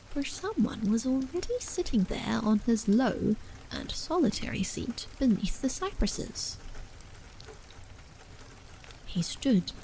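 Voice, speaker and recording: A woman reading a horror novel aloud as a bedtime story in a soft, slow whispered role-play, with rain falling behind her. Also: medium pitch, vocal fry, rough recording. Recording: faint rain noise behind.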